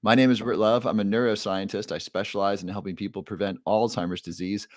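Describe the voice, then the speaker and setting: A man's voice: lowish voice, fairly even intonation, quick pace, dry recording, clean studio sound. Upbeat man hosting a live stream. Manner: upbeat, greets viewers by name, repeats himself and restarts. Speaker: neuroscientist hosting a livestream. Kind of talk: casual live-stream talk.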